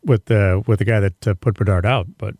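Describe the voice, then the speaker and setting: A man's voice: on the low side, a little fast, darkish tone, a little hiss or hum. A man co-hosting a radio show, chatting casually about sports. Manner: easygoing, talks sports. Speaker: radio co-host.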